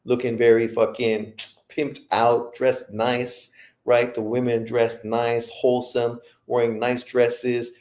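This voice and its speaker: A man's voice: mid-range voice, a little mellow, echoey room. A man hosting a boxing livestream who rants in profane commentary. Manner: profane, ranting. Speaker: boxing show host.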